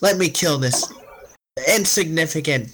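A man's voice: a little high, animated, measured pace, a bit bright, slight background noise, pitched above the performer's own voice. A man doing a fawning alien henchman. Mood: indignant. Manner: indignant, fawning pleading. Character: fawning alien henchman, male, eager to please.

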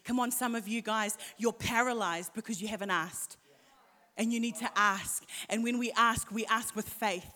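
A woman pastor preaching a sermon, impassioned, sometimes dropping to hushed asides. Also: fairly high pitch, normal speed, long reverb tail.

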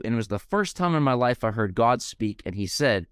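A man's voice: mid-range voice, expressive, fairly quick, smooth, no echo, studio quality. A young man hosting a podcast interview, speaking with passion and heartfelt gratitude. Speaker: podcast host.

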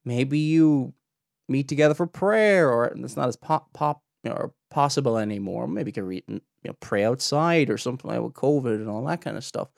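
Guy ranting on his podcast, pointed, pitch all over the place, really dry close sound. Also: brisk, gravelly, dry recording. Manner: animated and pointed, with rhetorical questions. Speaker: podcast host reviewing a preacher's clips. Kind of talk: critical commentary.

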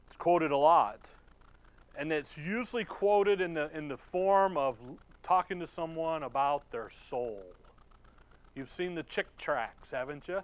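Folksy preacher man, higher-pitched voice. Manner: conversational, folksy, laughs often; reads scripture slowly and deliberately. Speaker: pastor. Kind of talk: sermon.

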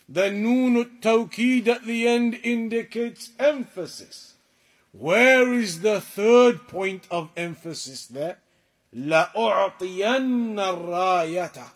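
Man, high voice, slow measured delivery, religious teacher, emphatic lecture. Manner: deliberate, emphatic explaining. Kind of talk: lecture to a class.

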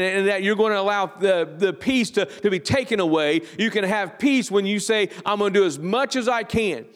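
High-voiced pastor preaching in a reverberant hall. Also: male voice. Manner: slow emphatic scripture reading, drawn-out phrases. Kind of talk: sermon. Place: church sanctuary. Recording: long church hall reverb.

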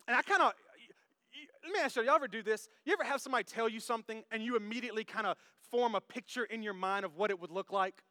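A man preaching a sermon to his congregation, animated and jokey, who talks straight to the crowd. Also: extremely high pitch, fast, no echo, clean studio sound. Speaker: pastor. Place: church service.

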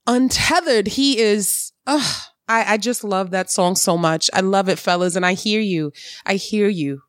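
A woman hosting a podcast in a casual, expressive talk, preaching with emphatic repetition. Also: on the high side, dry recording, studio quality. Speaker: podcast host. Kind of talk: casual talk with karaoke singing.

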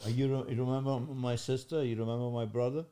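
A man's voice: mid-range voice, level tone, fast, dark tone, clean tone. A man in his sixties from Italy, Italian-accented, answering in short, blunt phrases of broken English. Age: 60s. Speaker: guest, comedian's father. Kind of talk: casual podcast chat.

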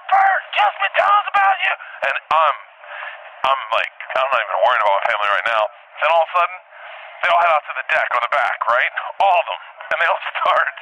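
Animated man rambling over a phone line. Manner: animated, profane storytelling with high-pitched quoted voices. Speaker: caller telling a dream. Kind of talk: rambling voicemail anecdote.

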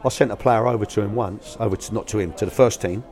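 An older former youth academy manager talks fast in a fairly low, slightly mellow voice. Casual and colloquial, he fills his interview answers with anecdotes about coaching young players, voicing the quoted people himself.

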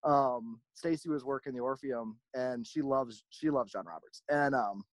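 A man telling stories in a casual chat, rambling and animated, often acting out the voices of people he quotes. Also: medium pitch, a little slow, dry recording. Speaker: podcast host, merch company owner.

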